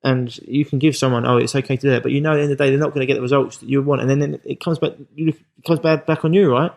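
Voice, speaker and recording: A man talks at a quick clip with a gravelly, creaky edge to his voice. he is the podcast host, telling stories about his coaching clients in a relaxed conversational way. he acts out their lines as he goes. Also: mid-range voice, low-quality recording. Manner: animated storyteller acting out client quotes.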